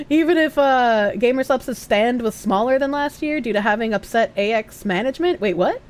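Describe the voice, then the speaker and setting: A woman's voice: high voice, very animated, moderate pace. A young woman with a Boston accent chatting casually on a live stream, rambling, giggly and swearing freely.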